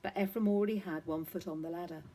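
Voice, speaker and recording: A woman's voice: lowish voice, steady tone, fast talker, dark tone, low-quality recording. Woman reading a children's novel. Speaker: reader.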